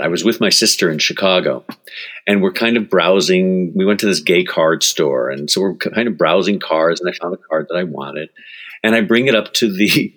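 A man in his sixties, a book author being interviewed, telling lively personal stories, laughing often and acting out what others said. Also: low-pitched. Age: 60s. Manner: animated, laughs often, acts out quotes. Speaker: author and guest. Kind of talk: storytelling in interview.

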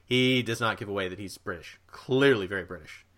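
A man from the United States co-hosts a casual podcast, talking eagerly and joking through plenty of fillers. His voice is fairly low, with a bright, forceful edge. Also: fairly quick. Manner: enthusiastic, filler-heavy, jokey. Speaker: podcast co-host. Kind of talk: casual chat.

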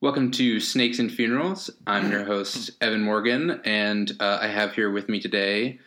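Low, bright-toned man hosting a podcast. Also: steady tone, moderate pace. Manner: laid-back, hesitant, many fillers. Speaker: podcast host. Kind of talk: casual podcast chat.

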